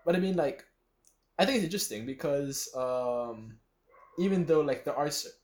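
A young man from the Philippines, co-hosting a casual podcast chat and acting out the people in his stories. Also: medium pitch. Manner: loose storytelling, acts out quoted people. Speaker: podcast co-host.

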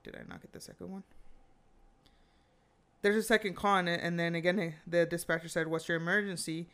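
A woman chatting casually, retelling a true-crime story with animated quoted lines and frequent fillers. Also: fairly low pitch, clear, resonant tone.

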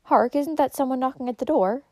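In a storybook reading, a gentle and devout old mother voiced by a female reader speaks softly and tenderly. The voice is mellow and warm, recorded close and dry. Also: high voice, fairly quick, dry recording, pitched above the performer's own voice, natural voice. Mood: worried. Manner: tender, soft-spoken.

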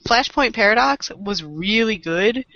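A podcast co-host jokes through a casual chat with a lively, swooping delivery and laughs often. The voice is bright and sits close in a dry space. It comes through a dull, lo-fi call line. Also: medium pitch, measured pace, no echo. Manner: animated, joking, laughs often.

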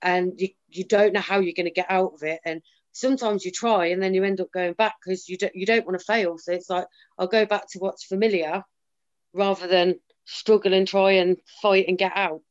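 A woman's voice: medium pitch, steady tone, moderate pace. A woman talking candidly in a casual chat, emphatic and often quoting herself and others. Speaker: guest sharing her story. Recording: slightly dull lo-fi sound.

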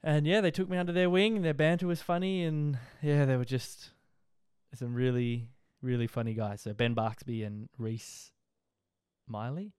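Laid-back young Australian man, smooth voice. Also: medium pitch, steady tone, moderate pace, darkish tone, no room sound, clean studio sound. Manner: rambling, laid-back, frequent fillers and laughs. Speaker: podcast host. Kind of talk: casual life-story monologue.

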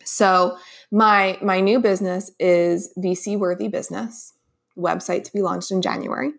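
A woman's voice: medium pitch, steady tone, measured pace, gravelly. A woman hosting her own podcast, telling a personal story in a casual, chatty way with many fillers and restarts. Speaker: podcast host. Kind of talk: casual solo podcast talk.

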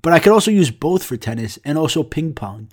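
A man's voice: a little high, brisk. A young man casually telling a rambling, profane story about his neighbor, acting out both sides of the talk. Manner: rambling, profane, quotes others in animated asides.

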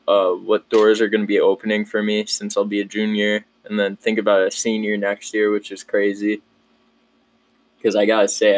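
A man's voice: on the low side, dry recording. A young man in his twenties hosting his own podcast in a casual, rambling, upbeat way, often restarting his sentences. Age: 20s. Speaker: podcast host. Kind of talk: casual solo podcast chat.

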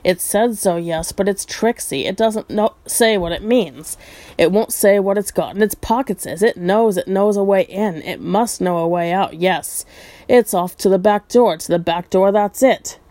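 A woman's voice: medium pitch, moderate pace, mellow, no room sound, natural voice. Woman voicing a hissing, whining old cave creature who argues with himself in broken grammar; storybook reading, dry close sound. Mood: muttering. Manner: whiny, broken grammar, repeats words.

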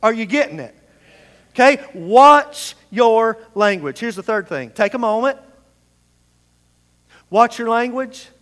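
The sermon comes from a male pastor whose very high-pitched, fairly bright voice is expressive, unhurried, and full of pauses. He directs a call-and-response reading of scripture with the whole congregation, recorded in a church sanctuary that rings with long reverb.

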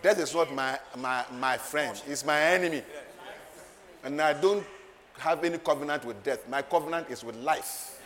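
A man preaching a sermon, moving from quiet asides to loud, laughing declarations. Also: on the high side, normal speed. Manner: emphatic, swings from soft asides to loud declarations, laughs often. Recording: long hall reverb, faint ambient noise.

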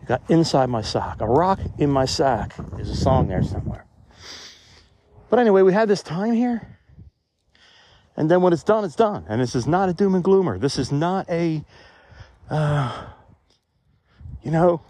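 A man's voice: a little high, lively intonation, measured pace, pauses often, darkish tone, slightly rough. A man talking to his phone as he walks outdoors, musing in a rambling, conversational way in a reflective vlog. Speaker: vlogger. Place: outdoors in a cemetery. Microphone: phone held while walking.

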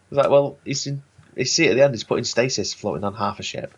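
A man co-hosting a podcast in casual chat, retelling scenes in a relaxed storytelling way. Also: medium pitch, quick pace, slightly rough, dull audio. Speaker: podcast co-host.

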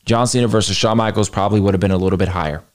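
A young man hosting a podcast, ranking matches in a blunt, slangy, animated way and brushing off critics. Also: on the low side, very fast. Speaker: podcast host. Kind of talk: casual podcast ranking rant.

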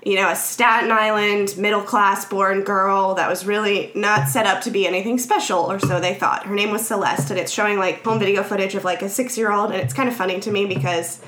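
A woman's voice: medium pitch, brisk, hardly any pauses. A woman in casual chat, retelling a film's plot scene by scene and acting out the characters' lines. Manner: animated storytelling, acts out characters' lines. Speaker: podcast host recapping a film. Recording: echoey room with faint noise.

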